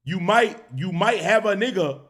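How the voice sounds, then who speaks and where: A young man, telling a story on his stream. His voice sits a bit high for a man and swings between hushed asides and loud, laughing shouts. He talks with constant profanity and acts out the people in the story. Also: lively intonation, normal speed. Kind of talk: animated storytelling.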